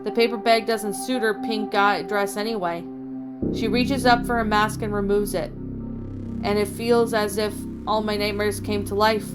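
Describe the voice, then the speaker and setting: A woman narrates a first-person horror story with dramatic delivery, her pitch sitting in an ordinary middle range. Clear background music runs under the whole reading. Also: steady tone, moderate pace.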